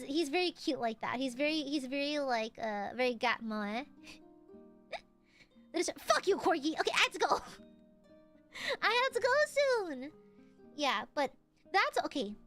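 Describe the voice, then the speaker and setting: A woman's voice: high voice, fairly bright tone. A young woman streamer in casual chat, rambling and laughing often. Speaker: VTuber streamer.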